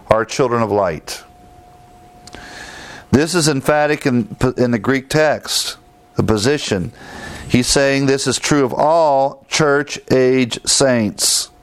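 A man teaching a sermon, emphatic, repeating key phrases and citing scripture verses. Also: medium pitch. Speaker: preacher.

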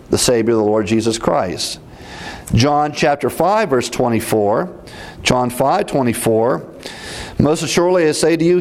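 A man teaching through Bible verses in a deliberate, emphatic way, repeating references as he goes. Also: mid-range voice, darkish tone.

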